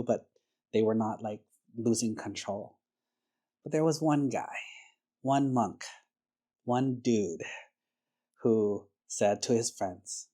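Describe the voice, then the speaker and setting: A monk gives a sermon in a relaxed, conversational manner, full of casual fillers and little stories. His voice is mellow and warm, sitting at an ordinary male pitch. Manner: conversational, uses casual fillers like "like" and "you know"; storytelling, acts out quoted characters. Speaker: Buddhist monk teacher.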